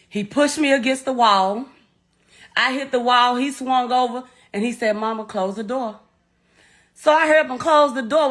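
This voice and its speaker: A middle-aged Southern US woman, the mother of the deceased, speaks as an interviewee in a slightly high, somewhat bright voice. She gives a raw, profane and distressed personal account of her grief.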